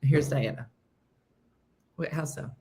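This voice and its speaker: A woman in her fifties hosts a casual morning show, her low voice unhurried as she tells a story. Her delivery is animated, and she acts out her friends' voices.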